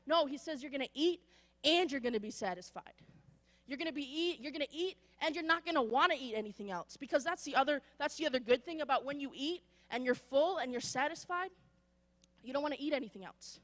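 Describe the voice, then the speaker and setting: A woman's voice: high voice, lively intonation, fairly quick, fairly bright tone. A woman preaching a sermon in a conversational way, acting out people's excuses as she talks. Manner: conversational, acts out quoted excuses. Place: church sanctuary. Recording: long church hall reverb.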